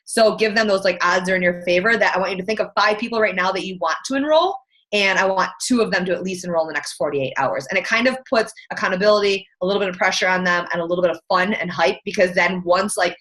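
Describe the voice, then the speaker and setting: A woman's voice: mid-range voice, a bit bright. A woman team coach talking casually in an interview, blunt and to the point, with lots of "like" fillers. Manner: blunt, fast, filler-heavy talk.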